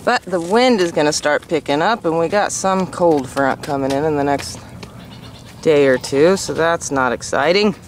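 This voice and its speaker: A woman running a casual farm vlog, chatting relaxed and cooing sweetly to her goats and dog outdoors. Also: sits low, normal speed, a little hiss or hum. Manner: relaxed, talks sweetly to animals. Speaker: goat farmer vlogger.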